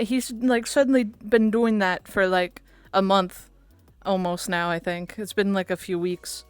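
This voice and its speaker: A giggly woman streamer rambles through a casual chat with her viewers, laughing often. She talks slowly in a smooth, clear voice, recorded dry over faint background music. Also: mid-range voice, fairly even intonation, no echo.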